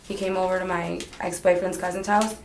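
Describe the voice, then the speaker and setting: A woman in her twenties, her voice on the low side and level in tone, speaks a little fast while police question her in an interview room. She tells her story in a rambling, hesitant way. The archival recording sounds roomy and carries a slight hiss or hum.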